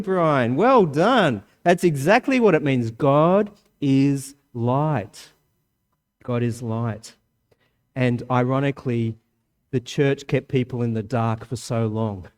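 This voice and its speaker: A man, a parent of a young child, preaching a sermon with strong swings of pitch and volume for emphasis. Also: darkish tone.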